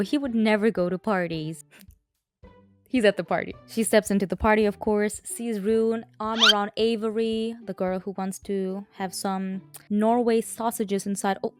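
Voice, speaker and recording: Sarcastic woman roasting a book. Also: medium pitch. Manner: sarcastic, swearing, exasperated asides. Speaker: book reviewer.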